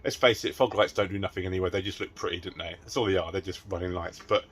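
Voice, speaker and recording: A man's low-pitched, slightly rough voice keeps a steady tone and fairly bright quality as he talks fast through a car repair in a casual DIY vlog. Lying under the car with the camera close to his face, he gets frustrated, swears, and laughs at himself, chatting all the while.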